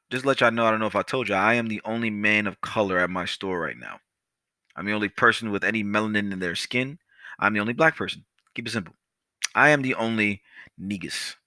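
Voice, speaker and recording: A young man hosting a podcast, telling a story in a casual, animated, profane way and talking straight to his listeners. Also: fairly low pitch, no echo. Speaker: podcast host.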